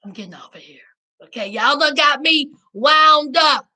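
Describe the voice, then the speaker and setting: A woman hosting a live-stream recap, chatting with her viewers in an animated, preachy way. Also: high voice, moderate pace. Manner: animated, preachy, Southern slang, addresses chat as y'all. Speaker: reality TV recap host.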